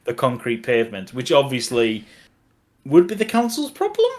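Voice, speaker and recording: A man's voice: medium pitch, wildly swooping pitch, normal speed, a little mellow. A middle-aged man with an Australian accent, co-hosting a casual podcast chat, rambling and laughing often. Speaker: podcast co-host.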